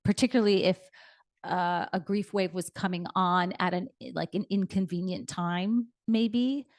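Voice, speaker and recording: A woman's voice: on the low side, steady tone, unhurried, no room sound, studio quality. Woman co-host, candid and chatty. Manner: warm-hearted, candid, laughing easily. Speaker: podcast co-host. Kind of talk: conversational podcast chat.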